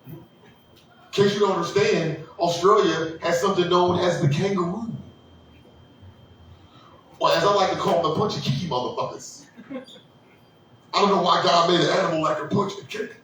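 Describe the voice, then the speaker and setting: Loud crude New comedian in echoey room. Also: male voice, moderate pace, pauses often, a little hiss or hum. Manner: loud, animated, crude, acts out characters with high squealing voices. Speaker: stand-up comedian. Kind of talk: stand-up comedy set. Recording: echoey room, mic heard from a distance.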